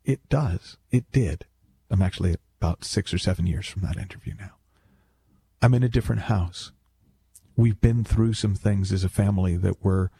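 A man's voice: fairly low pitch, creaky, dark tone, breathy edge, no room sound. A man talking as a self-help speaker in a casual, reflective monologue, rambling and wry with many self-corrections.

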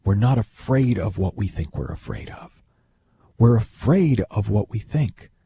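Deep, dark-toned male speaker, with lively intonation, giving a casual talk and repeating words as he thinks. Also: a little slow, creaky, slight background noise. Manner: animated, repeats words while thinking aloud.

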